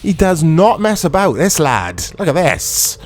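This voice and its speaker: A man's voice: a little high, sing-song, a little slow, slight background noise. A man hosting a retro gaming channel, giving chatty, self-deprecating commentary to viewers as he plays. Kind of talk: casual gameplay commentary.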